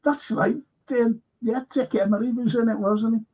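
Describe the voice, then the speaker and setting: A man's voice: very high-pitched, fairly even intonation, normal speed, a little mellow, dull audio. A man hosting a casual film chat, retelling scenes and laughing as he goes. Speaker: host.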